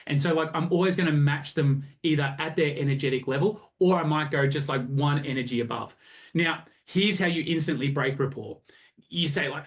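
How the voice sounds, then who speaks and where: Upbeat aussie guy coaching on a video call, fairly high voice, acts out little chats. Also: fast talker. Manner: energetic, animated, acts out both sides of chats. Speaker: sales coach.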